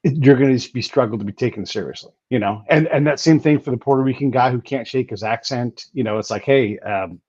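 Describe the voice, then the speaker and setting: A man hosting a casual conversation, telling stories emphatically and talking in quick bursts. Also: medium pitch, darkish tone, slightly rough, dry recording. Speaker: podcast host. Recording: dull lo-fi recording.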